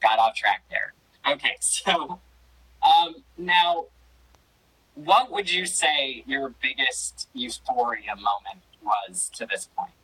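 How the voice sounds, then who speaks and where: A woman's voice: very deep voice, lively intonation, takes it slowly, sharp tone, slightly rough, low-quality recording. A woman hosting a casual interview, emotional and jokey, with theatrical outbursts. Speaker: podcast host.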